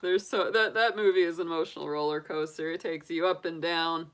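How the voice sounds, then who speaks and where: A woman giving a live tarot reading in a chatty, animated way, laughing often between points. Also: fairly low pitch, a little fast. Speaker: tarot reader.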